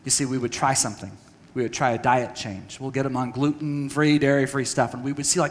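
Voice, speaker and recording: A man giving an earnest, halting talk to a church audience, telling a personal story and acting out conversations. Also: medium pitch, steady tone, long reverb tail. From United States. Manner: earnest, halting with restarts, acts out dialogue. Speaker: speaker at a church training session. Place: church hall.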